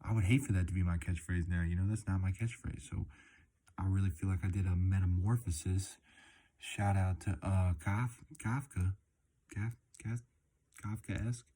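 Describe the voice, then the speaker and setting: Young male vlogger, low mellow monotone, laid-back, profane, casual chat. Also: normal speed. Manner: laid-back, swears a lot, says "man" and "dude" often. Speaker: delivery driver vlogger. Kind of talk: casual rambling vlog.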